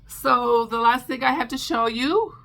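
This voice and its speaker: Middle-aged woman talking crochet, lots of ums and restarts, a bit of gravel in her voice. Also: fairly high pitch, a little slow, sharp tone. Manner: chatty, with many ums and restarts. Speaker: crochet vlogger. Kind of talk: casual chat.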